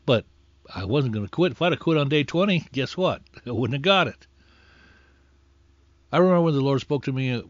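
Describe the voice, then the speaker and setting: A man delivers a conversational sermon at mid-range pitch, earnest in tone and gaining force when he exhorts. The recording is dull, lo-fi and dry, with no room sound.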